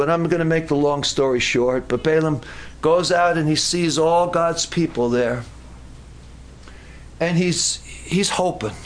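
A high-voiced man preaching, animated as he retells a scripture story. He breaks off for jokey asides and often stumbles into restarts. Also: unhurried. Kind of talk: sermon.

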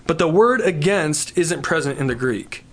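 Emphatic preaching man, higher voice. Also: expressive, moderate pace. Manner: emphatic preaching, builds to exhortation; slips into prayer. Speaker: pastor. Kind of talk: sermon. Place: church service.

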